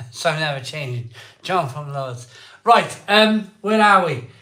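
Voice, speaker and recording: A man's voice: on the high side, lively intonation, measured pace, pushed and bright, roomy sound. A man, hosting a casual live stream, joking and laughing as he reads out viewer comments from home. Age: 40s. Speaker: host of a live beer-tasting stream. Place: at home, indoors.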